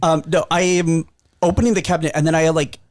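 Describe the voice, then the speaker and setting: A man's voice: a little high, little pitch movement, fast talker, no echo, clean studio sound. A man co-hosting a podcast, telling a story in casual chat and acting out his cats' voices. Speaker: podcast co-host.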